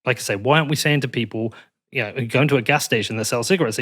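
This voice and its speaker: A man's voice: medium pitch, very fast, fairly bright tone. A man from the United Kingdom hosting a podcast, probing and pushing back with hypotheticals in a debate. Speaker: podcast host. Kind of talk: interview debate.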